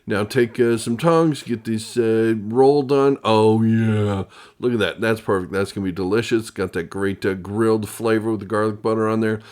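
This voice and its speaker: A man's voice: on the low side, steady tone, normal speed, darkish tone. Male home-cooking host, casual demo delivery, wisecracking asides, echoey room sound. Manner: jokey, rambling, chatty asides.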